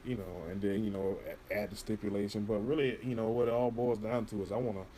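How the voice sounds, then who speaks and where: A man's voice: lowish voice, steady tone, fast talker, mellow, a little hiss or hum. A man in casual interview chat, rambling and profane, filling his talk with "you know". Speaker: podcast guest.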